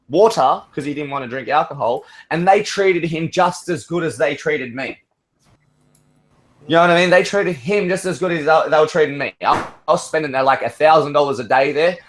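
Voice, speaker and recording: Rambling, swearing man. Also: a little high. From Australia. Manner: rambling, profane storytelling. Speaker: caller. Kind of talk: casual open-mic chat.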